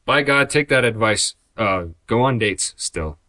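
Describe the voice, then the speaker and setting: A man's voice: medium pitch, expressive, measured pace, sharp tone, dry recording. A man hosting a podcast in casual chat, rambling and joking in a sarcastic way. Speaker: podcast host; graphic designer.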